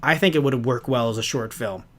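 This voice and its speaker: Man, mid-pitched voice, podcast co-host, rambling, hesitant, swears casually. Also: fast. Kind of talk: casual review chat.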